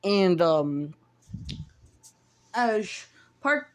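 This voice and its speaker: A woman's voice: mid-range voice, sing-song, extremely slow. A woman casually retelling a fan story, rambling and stumbling over her words with lots of restarts and some offhand swearing.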